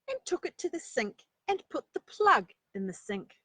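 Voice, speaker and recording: A woman reading a children's story aloud, breaking off for chatty asides and rhetorical questions to her listeners, with a breathy voice. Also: high-pitched, very animated, normal speed, few pauses, bright, forceful tone, dry recording. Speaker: storyteller and life coach.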